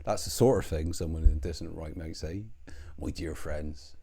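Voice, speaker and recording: A man's voice: extremely low pitch, fast talker, mellow, husky. A man hosting his own channel, rambling in a sardonic, sweary commentary that keeps interrupting itself.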